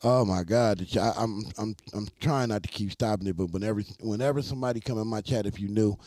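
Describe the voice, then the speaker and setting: A man hosting a live reaction stream, talking loosely and joking with his chat. His voice is dark and mellow, recorded dry and close with no room around it. He rambles, teases and shouts out viewers. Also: fairly low pitch, quick pace, no echo. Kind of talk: casual live-stream commentary.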